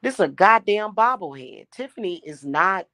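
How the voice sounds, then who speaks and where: A woman's voice: mid-range voice, animated, moderate pace, a bit bright, no echo. A young woman venting in an angry, profane rant, blunt and scornful as she talks. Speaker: spiritual reader and vlogger. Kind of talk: angry ranting monologue.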